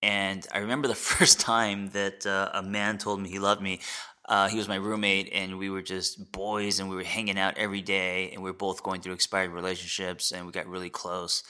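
A man in his forties, a podcast host and therapist, sharing a candid personal story in a reflective, halting way with many fillers and restarts. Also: low voice, sharp tone. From United States.

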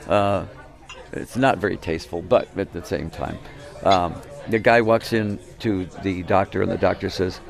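A man's voice: deep voice, gravelly. A man hesitantly telling a short joke, with fillers at the start.

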